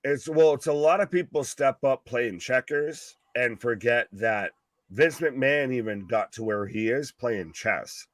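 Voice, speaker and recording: A man's voice: mid-range voice, unhurried, no echo. A man co-hosting a live wrestling stream, talking casually, swearing often and jumping in over his co-host. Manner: profane, excitable, talks over others.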